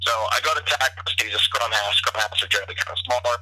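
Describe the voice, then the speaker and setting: Deep-voiced, fast-talking man on a phone line. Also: sharp tone. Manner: rambling, profane, with frequent restarts. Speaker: podcast guest, bartender. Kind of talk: casual storytelling over the phone. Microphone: telephone.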